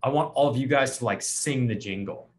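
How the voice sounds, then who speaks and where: A man's voice: mid-range voice, a little fast, a little hiss or hum. A male podcast host spins a story in loose, easy conversation. He jumps into the voices of people he quotes and laughs at his own embarrassment along the way. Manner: laughs often, self-deprecating. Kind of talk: casual storytelling chat.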